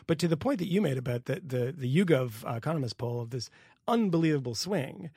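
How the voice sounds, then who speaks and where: A man's voice: medium pitch, lively intonation, quick pace, vocal fry, mellow, breathy edge, no room sound, clean studio sound. A man co-hosting a podcast in casual political chat, talking bluntly and with profanity. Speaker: podcast co-host.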